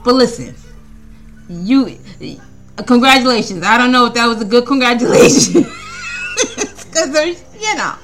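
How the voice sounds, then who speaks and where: A woman's voice: on the high side, animated, moderate pace, a bit bright, faint music behind. A woman hosting a casual solo podcast, rambling and stammering with frequent laughter. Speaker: podcast host.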